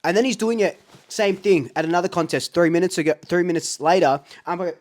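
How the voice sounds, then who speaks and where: A man's voice: high voice, moderate pace. An Australian man hosting a fan talkback show, ranting in a fired-up way and often repeating himself. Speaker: fan talkback radio host.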